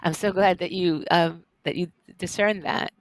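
A middle-aged woman professor telling stories in a lively, animated way as an interview guest. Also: on the low side, moderate pace, no echo. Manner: lively, animated storyteller with laughs. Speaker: guest, professor and journal editor. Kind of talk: conversational interview storytelling.

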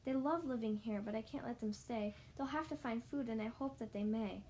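Woman as grumpy little old male storybook creature, snappish, reproachful, on the high side. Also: a little fast, mellow, slight background noise, lightly acted, poor audio. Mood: scolding. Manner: snappish, reproachful rhymed scolding.

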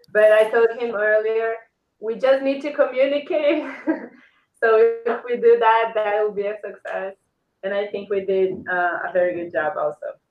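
A woman with a Brazilian Portuguese accent talks as a guest in a relaxed interview, pausing on fillers as she searches for English words. The sound is roomy, with a slightly muffled, dull quality. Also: medium pitch. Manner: hesitant, frequent "uh" fillers, laughs easily. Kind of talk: casual interview conversation.

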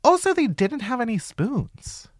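A man's voice: extremely high pitch, sing-song, measured pace, no echo, clean studio sound. Sarcastic man ranting on a podcast. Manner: sarcastic, profane, exasperated. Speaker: podcast host. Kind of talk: comedic podcast rant.

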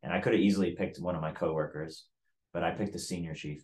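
A man's voice: low voice, steady tone, quick pace, darkish tone. A man telling a story in casual chat, blunt and profane, with lots of "like" in his talk.

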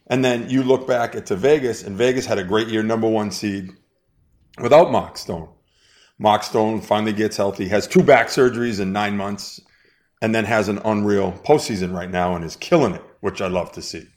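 A man's voice: lowish voice, a little mellow. A man from Boston with a Boston accent, a podcast guest, ranting bluntly and emphatically with plenty of swearing. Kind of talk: casual podcast chat.

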